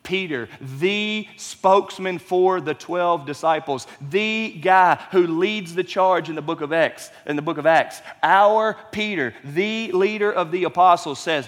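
A man's voice: high voice, a little slow, hardly any pauses, a bit bright, long reverb tail. A man preaching a sermon as pastor, conversational and emphatic, with frequent rhetorical questions.

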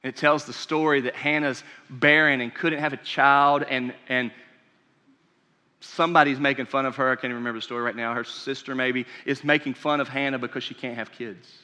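A man preaching a sermon as pastor, passionate, swinging from near-shouts down to whispers. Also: mid-range voice, steady tone, a little fast. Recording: reverberant hall.

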